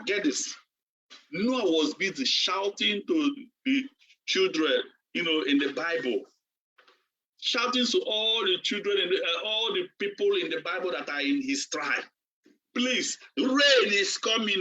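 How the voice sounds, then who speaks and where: A man's voice: fairly high pitch, sharp tone. A man, a business coach giving a preacher-like motivational training, repeating himself emphatically. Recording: distant, dull lo-fi recording.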